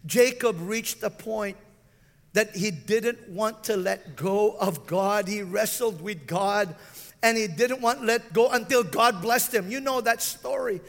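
A male pastor preaching, often stopping to ask his listeners if they are still with him. His voice sits very high and has a gravelly rasp, and it echoes through a reverberant hall. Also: unhurried, a bit bright. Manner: preaching with frequent call-outs to the listeners. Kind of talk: sermon.

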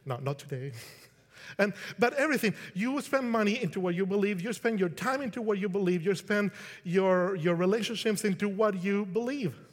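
A man's voice: high-pitched, lively intonation, fairly quick. Man preaching in a reverberant hall. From Colombia. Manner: conversational, restarts, acts out quotes. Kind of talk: casual sermon.

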